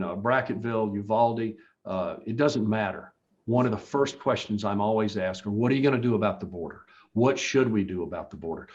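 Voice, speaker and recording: A man's voice: fairly low pitch, muffled recording. A man running for office, answering interview questions in an earnest, emphatic way with frequent restarts. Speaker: political candidate.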